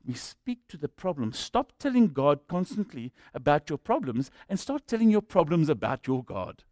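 Pastor guy preaching, middle-aged, goes from quiet story to loud shouting, dry room. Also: fairly high pitch, very animated, moderate pace, no echo. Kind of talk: sermon.

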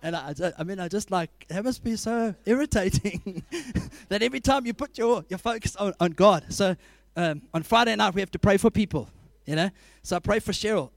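A man preaching a sermon, telling animated stories, laughing often and acting out scenes. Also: sits high, brisk, creaky, no echo.

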